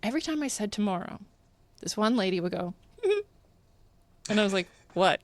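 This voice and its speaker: A woman's voice: medium pitch, lively intonation, normal speed, no room sound. A woman with a Canadian accent hosting a podcast, chatting casually and laughing often as she teases herself. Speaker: podcast host. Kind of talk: casual chat.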